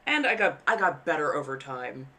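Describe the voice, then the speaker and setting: A woman's voice: low-pitched, very animated, normal speed, sharp tone. A woman chatting casually on a live stream while she sews, rambling and frank, swearing freely and laughing at herself. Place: home apartment.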